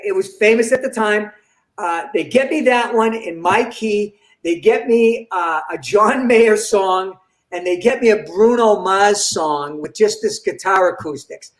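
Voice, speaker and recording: An older man, a comedian guest, telling an animated story in an interview and acting out the dialogue. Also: sits high, measured pace. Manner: animated, acts out quoted dialogue. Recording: roomy echo.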